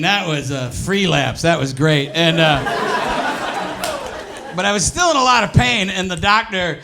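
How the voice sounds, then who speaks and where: A middle-aged stand-up comedian telling a story live, dropping to low mumbles and then breaking into high strained yelps. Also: male voice. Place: comedy club stage. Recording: live club recording with crowd noise. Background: audience laughter.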